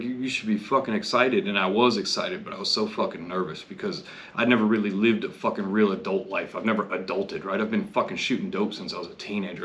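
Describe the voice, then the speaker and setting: A man's voice: lowish voice, a bit bright. Blunt, profane man telling his story. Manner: blunt, heavily profane, candid. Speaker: podcast host. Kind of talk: personal storytelling monologue.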